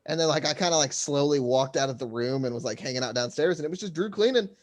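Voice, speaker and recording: A man's voice: a little high, fast talker. A young man co-hosting a podcast, easygoing in casual chat, laughing along and saying "like" a lot. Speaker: podcast co-host.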